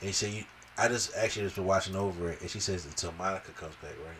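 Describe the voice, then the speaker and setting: A man's voice: deep voice, rapid-fire, recorded from a distance, a little hiss or hum. A man on a podcast casually recapping a film and acting out the characters' lines. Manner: animated retelling, acts out the characters' lines. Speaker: podcast host. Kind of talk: casual movie review chat.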